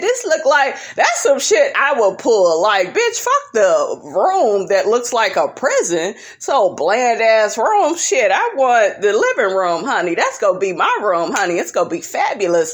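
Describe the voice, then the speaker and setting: Young woman, sassy profane recap vlogger, swings high and low. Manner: sassy, profane, animated with big pitch jumps. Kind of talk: casual recap vlog.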